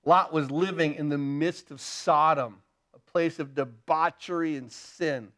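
High-voiced man preaching an earnest sermon. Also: unhurried, fairly bright tone. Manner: earnest preaching, repeats words, rises and drops in intensity. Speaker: pastor.

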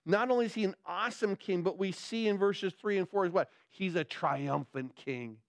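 A male pastor preaching a sermon, excitable and getting louder as he gets worked up, often restarting his words. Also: high voice, moderate pace, dry recording, clean studio sound. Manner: excitable, gets loud when excited, many repeated restarts.

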